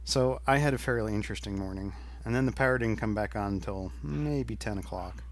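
A man's voice: fairly low pitch, brisk, slight background noise. A man hosting a podcast, telling a story in a laid-back, casual way. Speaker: podcast host. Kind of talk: casual chat.

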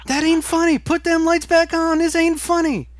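A man doing a shrill, furious shouting woman. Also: level tone, moderate pace, dry recording, studio quality. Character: furious woman yelling in the dark.

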